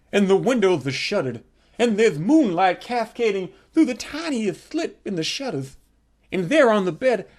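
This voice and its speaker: A man telling a crude, profane comic story with animated energy. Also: sits high. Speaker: comedic storyteller.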